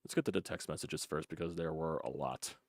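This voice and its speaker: Deep-voiced frustrated male sports host. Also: brisk, dry recording. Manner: frustrated, profane, repeats himself. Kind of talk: casual fan call-in show.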